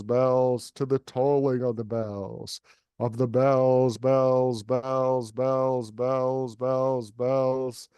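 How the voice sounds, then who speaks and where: Flat-voiced man reciting poetry. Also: mid-range voice, smooth, dry recording. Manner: even, unhurried recitation with repeated words. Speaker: poet and guest reader. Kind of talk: poetry recitation and casual chat.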